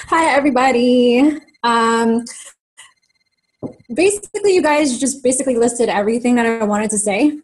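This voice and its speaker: A woman coach sharing casually with a group, giggly and quick. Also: fairly high pitch, poor audio.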